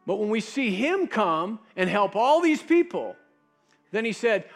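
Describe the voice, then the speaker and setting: A man preaching a sermon as pastor, dropping to a soft low voice when he quotes Jesus. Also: expressive, normal speed, soft background music.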